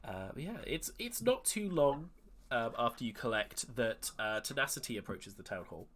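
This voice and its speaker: A man running a tabletop game as dungeon master, narrating in a relaxed way with many fillers and restarts. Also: medium pitch, normal speed, background noise.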